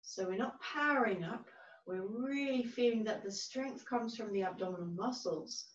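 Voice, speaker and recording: A woman teaching a yoga class, giving calm, gentle, unhurried cues. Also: medium pitch. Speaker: yoga instructor. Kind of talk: guided yoga class instruction. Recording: roomy, distant, dull-sounding recording.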